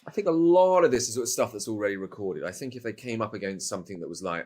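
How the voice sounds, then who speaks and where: Rambling British man, lowish voice. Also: animated, fast talker, few pauses. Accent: British English. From Britain. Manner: rambling, self-correcting, playful asides. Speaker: voice actor guest. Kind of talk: casual interview talk.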